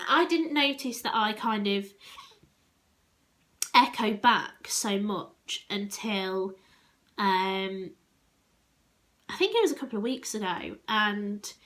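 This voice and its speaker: Woman from England, reflective vlog talk, fairly high voice, halting with ums, uneven pace. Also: a bit bright. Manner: reflective, many ums and restarts, pace shifts. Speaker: vlogger. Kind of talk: personal vlog monologue.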